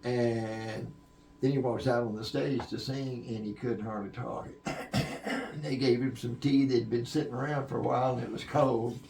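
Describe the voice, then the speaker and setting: An older man with a gravelly, creaky voice spins a long, rambling tale. He stumbles through fillers and restarts as he goes. The sound is roomy and echoey. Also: mid-range voice, steady tone, moderate pace, a little mellow, slight background noise. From Oak Cliff, Texas. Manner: rambling storyteller with many fillers and restarts, acting out quoted voices. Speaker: guest, music producer and live sound engineer. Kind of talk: long storytelling interview. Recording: roomy echo.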